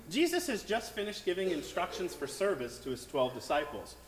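A man, the pastor, preaches in a conversational way with a fairly high, animated voice that rises and falls often. His words ring through a large, reverberant sanctuary. He keeps checking in with the listeners. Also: moderate pace, slight background noise. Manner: conversational preaching with frequent "right?" asides. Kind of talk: sermon. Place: church sanctuary.

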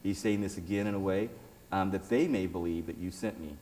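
A man reads scripture aloud in a low, mellow voice, breaking off now and then for casual remarks. His voice rings with a long reverb, as if in a large space. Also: fairly quick, slight background noise. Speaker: Bible teacher. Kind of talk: reading scripture with commentary.

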